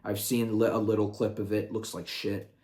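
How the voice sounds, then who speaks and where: A man's voice: lowish voice, little pitch movement, moderate pace, a little mellow. A young man ranting heatedly on his video channel, swearing often and sounding combative. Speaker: YouTuber.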